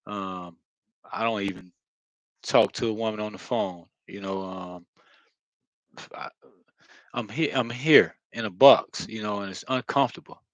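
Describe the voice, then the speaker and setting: Low-voiced man rambling with heavy sighs. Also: no room sound, highs cut off. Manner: halting, with many fillers and heavy sighs; earnest and blunt, with casual swearing. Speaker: spiritual vlogger. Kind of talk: rambling spiritual monologue.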